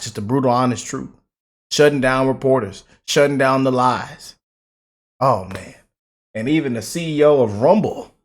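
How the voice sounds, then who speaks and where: A man hosting a casual reaction video, excitable and laughing as he banters with his viewers. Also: medium pitch. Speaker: YouTube reaction host.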